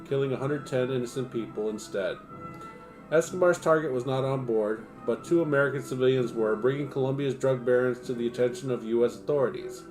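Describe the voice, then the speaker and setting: A man on a home livestream reading nonfiction aloud and breaking off into profane, self-mocking asides. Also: medium pitch. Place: home streaming setup.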